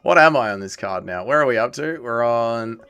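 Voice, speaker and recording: A man hosting a livestream, reading viewer comments aloud and answering them in a casual chat that swings between loud swearing rants and low grumbling. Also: expressive, normal speed, slight background noise. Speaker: livestream host.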